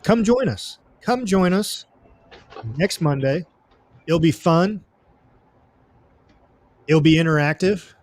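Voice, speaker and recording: A man with a somewhat high voice hosts a relaxed sports chat, talking easily with plenty of ums and you-knows. The sound is dry and close to the mic, with no room echo. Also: slow, long pauses. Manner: easygoing, many fillers, promotes upcoming show. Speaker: podcast host.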